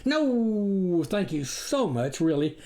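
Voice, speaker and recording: A man's voice: high voice, very animated, slow, warm tone, pitched above the performer's own voice, exaggerated voice. A man voicing a hairy male wolf who poses as a duck, overly polite and fumbling for excuses. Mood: fawning.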